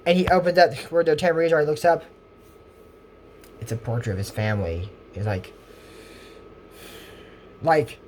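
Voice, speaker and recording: A man's voice: mid-range voice, expressive, moderate pace, pauses often, darkish tone, slight background noise. A man casually retelling a cartoon episode, with lots of restarts and fillers and little asides to his viewers. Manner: rambling retelling with fillers and restarts, half-acts quotes. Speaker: YouTube episode recapper.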